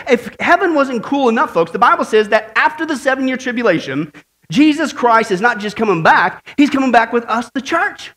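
A male preacher with a high voice delivers a lively sermon. He tells jokes and keeps asking his listeners questions. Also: a little fast. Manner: animated, tells jokes, asks the congregation questions. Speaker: pastor.

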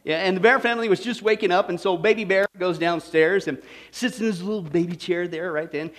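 A man's voice: sits high, a little fast, a bit bright. A male pastor preaching a sermon in a jokey way, talking with his audience and checking in with "right?" and "okay?".

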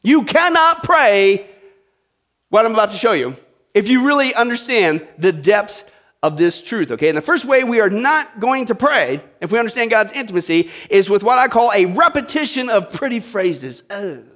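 A man with a high voice preaches a sermon. He is animated and humorous, and he often checks in with his listeners as he goes. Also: normal speed. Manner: animated, humorous, talks straight to the audience. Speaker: pastor.

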